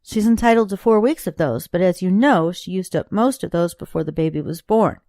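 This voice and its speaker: A woman voicing a calm, apologetic office manager in an audiobook, measured and polite. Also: lowish voice, dry recording, studio quality, lightly acted.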